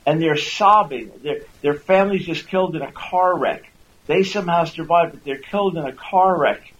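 Heard through a muffled recording with a little hiss or hum, a man with a fairly high, somewhat bright voice speaks at a moderate pace. He hosts a radio talk show as a Christian apologist, earnestly teaching, repeating words to build points, and raising his voice to act out quotes.

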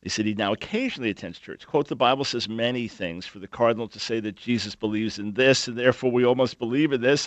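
A man's voice: mid-range voice, fast, hardly any pauses, no echo. A man hosting a talk radio show, speaking emphatically with sarcastic asides.

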